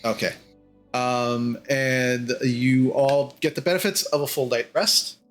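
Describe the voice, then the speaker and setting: A man's voice: mid-range voice, steady tone, slow, a bit bright, faint music behind. A man narrating a tabletop game as game master, hesitant with many fillers.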